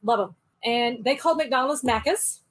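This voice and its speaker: A woman co-host delivers a short, light segment, bubbly and joking throughout. Her voice sits high for a woman. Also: brisk. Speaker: podcast co-host. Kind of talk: casual segment presenting.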